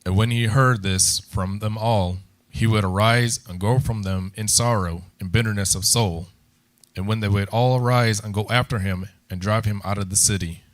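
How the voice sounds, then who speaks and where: A man reading scripture aloud in a steady, measured way during a Bible class. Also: fairly low pitch. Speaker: scripture reader.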